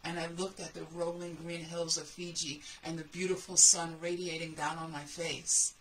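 A woman coaching aspiring authors, telling a personal story in an animated way and acting out her fear and her coach's calm replies. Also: lowish voice, moderate pace, slight background noise, rough recording. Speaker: book coach. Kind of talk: motivational storytelling lesson.

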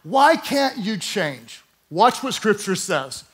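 A man's voice: sits high, very animated, takes it slowly, fairly bright tone, husky. A male pastor preaching a sermon, emphatic and calling on the congregation to repeat words aloud, with playful asides. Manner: emphatic, draws the congregation to speak along.

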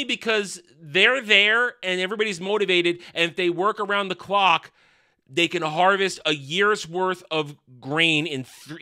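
A man with a high, piercingly bright voice tears into a film in an exasperated, sarcastic rant. He talks like a reviewer who can't believe what he sat through. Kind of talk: ranting movie review commentary.

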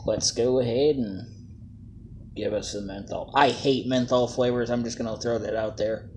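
A man's voice: mid-range voice, steady tone, moderate pace, a little mellow, a little hiss or hum. A man casually reviewing vape juices, joking and plain-spoken in a laid-back way.

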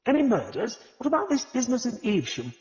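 A man reading the lines of a pompous, self-satisfied gentleman, talking evasively. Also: very high-pitched, huge pitch swings, fast talker, voice pushed up, heavily acted. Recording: reverberant, slightly dull audiobook recording.

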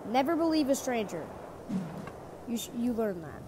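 A playful woman talks her way through a game, calling out to the creatures on screen and swinging between loud and hushed. Her voice sits a little high. Loud background noise runs under the whole recording. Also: very animated, moderate pace. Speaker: gamer. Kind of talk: casual gameplay commentary.

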